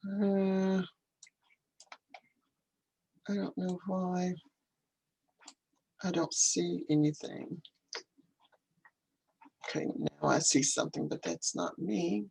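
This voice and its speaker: Live-stream host, English teacher: slow deliberate pace, talks through setup troubles aloud, repeats questions. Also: medium pitch, flat delivery, gravelly, a little mellow, husky, low-quality recording. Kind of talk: casual live-stream chat. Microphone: computer video call.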